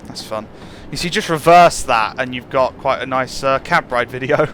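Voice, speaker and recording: Relaxed man musing over a game. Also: mid-range voice, moderate pace, a little hiss or hum. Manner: relaxed, musing, chuckles often. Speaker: gameplay channel host. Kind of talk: casual train-sim commentary.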